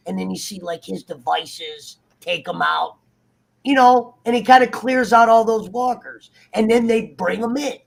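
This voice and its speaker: A man in casual, heated chat, swearing freely and acting out characters in quick asides. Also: high-pitched, creaky. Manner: profane, animated, acts out characters in quick asides. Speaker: guest on a TV review talk show.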